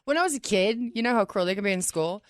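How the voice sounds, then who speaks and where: A woman's voice: mid-range voice, lively intonation, fast, dry recording, clean studio sound. A woman in her thirties with an English accent, guesting on a radio show, chatting in a jokey, self-mocking way. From England. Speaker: guest wrestler. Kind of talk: casual interview chat. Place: radio studio.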